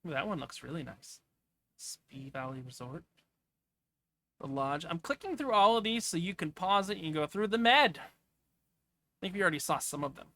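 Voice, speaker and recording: A man's voice: fairly high pitch, lively intonation, moderate pace, pauses often, sharp tone. A man giving casual, off-the-cuff commentary as he clicks through travel listings, rambling with asides. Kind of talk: casual screen-share commentary.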